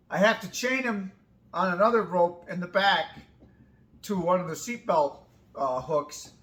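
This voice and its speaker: A woman in her fifties recounts a personal story, her voice forceful and tense. She leans hard on key words and acts out both sides of each conversation. A faint noise sits behind her. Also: fairly low pitch. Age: 50s.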